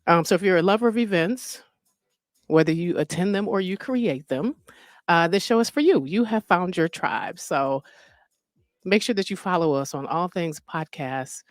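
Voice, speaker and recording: A woman's voice: fairly low pitch, animated, moderate pace, dry recording. A woman hosting a podcast, recording casual promo takes and laughing at her own flubs. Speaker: podcast host and event business founder.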